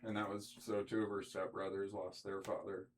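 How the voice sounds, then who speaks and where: A man's voice: low voice, monotone, moderate pace, noisy background. A young man in casual conversation, rambling through his stories with lots of "like" and "um" and hesitant restarts. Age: young adult. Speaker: host of the conversation.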